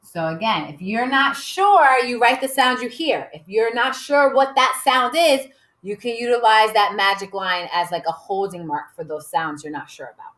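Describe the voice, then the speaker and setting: A woman teacher slowly modeling a writing lesson for young children, sounding out letters with cheerful emphasis. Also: on the high side, a bit bright. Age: adult. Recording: echoey room.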